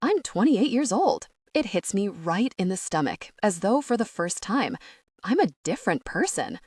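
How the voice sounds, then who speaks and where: A British woman reading an audiobook in the first person, expressive and wry. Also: mid-range voice, moderate pace, slightly rough, dry recording, studio quality. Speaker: audiobook narrator.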